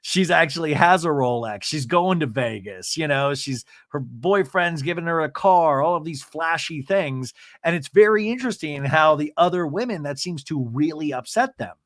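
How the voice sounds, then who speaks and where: A man hosting a podcast, recapping a reality show in casual, animated chat with jokey asides. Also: fairly high pitch, moderate pace, few pauses, no echo, clean studio sound. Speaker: podcast host.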